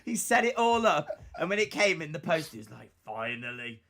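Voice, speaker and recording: A British man with a bright, forceful voice co-hosts a live stream, teasing his partner in easy, casual chat. His pitch swings widely as he talks, and the whole delivery stays playful. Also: sing-song, brisk, gravelly. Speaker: podcast co-host.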